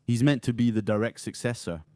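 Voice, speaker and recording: A man's voice: mid-range voice, a little fast, mellow, dry recording. A man co-hosting a podcast in casual chat, blunt and opinionated in how he talks. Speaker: podcast co-host.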